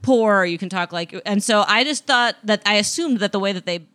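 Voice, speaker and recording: A woman's voice: mid-range voice, brisk, fairly bright tone, clean tone, dry recording. Thoughtful woman talking in a dry room. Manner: thoughtful, picks words as she goes. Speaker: podcast co-host. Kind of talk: casual podcast chat.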